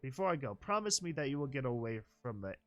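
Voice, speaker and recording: A man's voice: medium pitch, big pitch swings, fast talker, lightly acted. Man voicing a small metallic robot, worried and cautioning; storybook reading. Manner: urgent, cautioning. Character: floating robot sprite bot, worried, protective.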